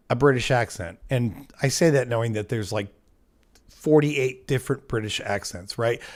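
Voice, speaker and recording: An American man hosting a casual livestream, rambling and self-mocking with lots of fillers and restarts. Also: on the high side. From United States. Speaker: livestream host.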